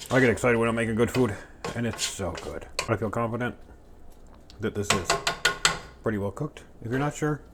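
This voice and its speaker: Jokey man cooking in a noisy kitchen. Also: medium pitch. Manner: jokey, chatty, talks to himself while cooking. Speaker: home cook. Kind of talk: casual cooking demo. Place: home kitchen. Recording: clattering pans and utensils behind.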